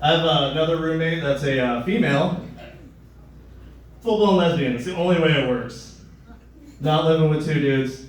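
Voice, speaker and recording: A young man performing stand-up in a live venue, delivering crude, sardonic lines in a flat, deadpan way. His voice sits a little high, and it rings with heavy room echo, picked up from a distance. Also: moderate pace, pauses often, slight background noise. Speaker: stand-up comedian. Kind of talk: stand-up comedy set. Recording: echoey room, mic at a distance.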